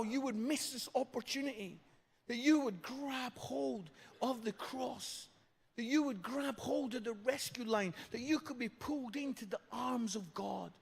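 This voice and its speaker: A man's voice: extremely high pitch, gravelly, husky. A British man preaching an evangelistic sermon, telling a story and repeating phrases for emphasis. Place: large church hall. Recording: long hall reverb.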